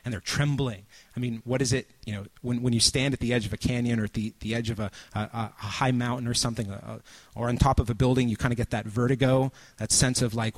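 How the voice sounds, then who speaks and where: A man's voice: mid-range voice, fairly quick. Storytelling male preacher. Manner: storytelling, acts out scenes with sudden shouts and hushed asides. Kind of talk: sermon.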